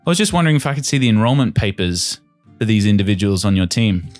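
A man's voice: lowish voice, sing-song, quick pace, a little mellow, no room sound, faint music behind. A man voicing a haughty young male elven mage captain, speaking in a cold, formal, snooty way.

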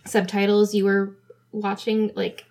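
A woman co-hosting a podcast, recapping a TV drama in a relaxed, casual chat with frequent fillers and easy laughter. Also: mid-range voice, a little slow. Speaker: podcast co-host.

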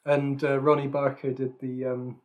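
A man chats casually as a podcast co-host. He is talkative and self-deprecating, often restarting his sentences and filling pauses with ums. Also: mid-range voice, completely flat delivery, lo-fi sound. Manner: chatty, self-deprecating, frequent restarts and fillers.

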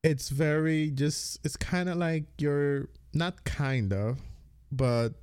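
A man from St. Croix with a Virgin Islands Creole English accent, chatting casually as a podcast co-host and talking in halting bursts with many restarts. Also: fairly high pitch, a little mellow, clear, resonant tone, no echo, clean studio sound.

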